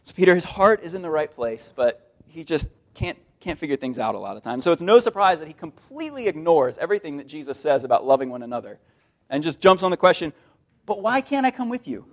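A man preaching a sermon in an earnest, animated way. His voice sits fairly high for a man. He often repeats a word mid-sentence as he goes. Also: fast talker. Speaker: pastor.

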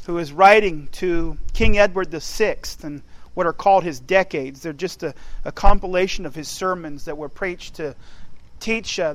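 High-voiced guy preaching a sermon, really emphatic, dry sound. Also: no echo, low-quality recording. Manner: emphatic, rising in pitch and force when pressing a point.

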